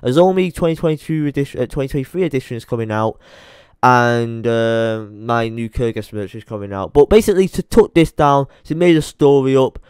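A man's voice: medium pitch, fairly quick, a little mellow, smooth, no room sound, studio quality. A young man ranting angrily to his channel, swearing and repeating himself in heated bursts. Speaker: YouTuber. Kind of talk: angry rant to camera.

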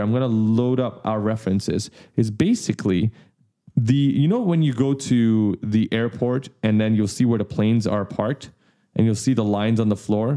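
A man hosting a casual 3D software tutorial who explains things simply and with enthusiasm. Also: fairly low pitch. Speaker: tutorial host.

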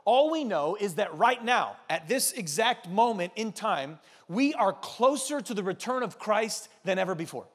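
A man in his thirties preaching a sermon as a pastor, urging his listeners with animated, earnest exhortation. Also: sits high, normal speed, few pauses. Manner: animated storytelling, urgent exhortation.

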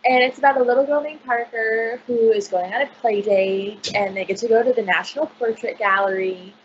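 A woman's voice: on the high side, brisk, highs cut off, slight background noise. Bubbly librarian woman on a video call. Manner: bubbly, gushing, filler-heavy. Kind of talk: casual video call chat.

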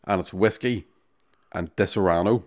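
A man, co-hosting a podcast, telling profane stories at a rapid clip and often laughing. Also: low voice, darkish tone. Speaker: podcast co-host. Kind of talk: casual storytelling chat.

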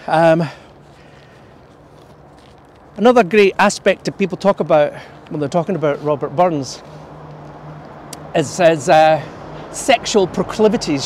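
Scottish male tour guide, high voice, wry and chatty, outdoors with light traffic. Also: moderate pace, darkish tone. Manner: wry, conversational, with sly asides. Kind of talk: casual guided tour talk.

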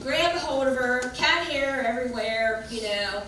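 A woman's voice: high voice, expressive, a little slow, pushed and bright. A woman pastor preaching a sermon, folksy and chatty, telling stories and laughing along. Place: church sanctuary. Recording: echoey church room, mic far off, background hum.

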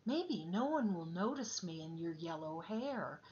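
A woman's voice: on the high side, sing-song, slow, a bit bright, dull audio, a little hiss or hum, exaggerated voice. A woman voicing a vain, chatty male parrot in a storybook reading, proud and a little bossy.

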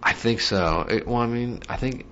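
A man being interviewed as a guest, talking in a quick, joking, restless way. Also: medium pitch, a bit bright. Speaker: guest musician and guitar teacher. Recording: dull lo-fi sound with faint hiss.

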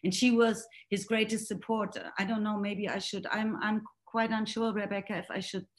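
A woman's voice: mid-range voice, fairly even intonation, normal speed. Hesitant woman. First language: German. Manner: hesitant, searching for words, many restarts. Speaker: guest reader in a book talk. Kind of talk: online book discussion.

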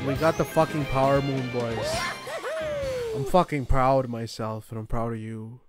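A young man commenting on a game as he plays, swearing often and joking excitedly. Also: mid-range voice, normal speed, loud music behind the voice. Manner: profane, excitable, jokey. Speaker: gaming YouTuber. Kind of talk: let's play commentary.

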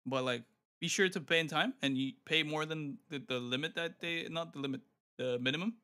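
A man's voice: fairly high pitch, fairly quick, sharp tone. A man chatting playfully with a friend during a casual game stream, laughing often. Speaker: guest streamer. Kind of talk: casual gaming stream chat.

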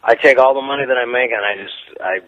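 Deadpan American comedian on radio. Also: male voice, medium pitch, fast, phone-quality sound. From United States. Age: 40s. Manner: deadpan, rambling jokey asides. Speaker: comedian guest. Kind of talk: joking radio interview. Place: radio studio.

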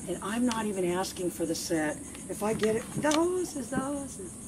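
A woman's voice: fairly high pitch, big pitch swings, moderate pace. A woman training her dog and talking casually, chatty and playful, with sing-song repeats. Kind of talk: casual training demo talk. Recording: noisy outdoor recording.

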